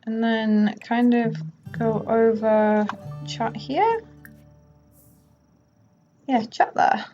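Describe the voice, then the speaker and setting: A woman's voice: on the high side, completely flat delivery, warm tone, soft background music. A woman giving casual, chatty commentary over a life-sim game, now and then voicing characters. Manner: chatty, voices characters in quick asides. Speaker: gaming video host. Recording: slightly dull lo-fi audio.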